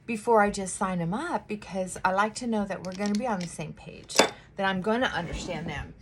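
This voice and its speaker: A woman therapist chatting casually while doing her makeup, animated and acting out her clients' voices. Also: mid-range voice, fairly quick, noisy background.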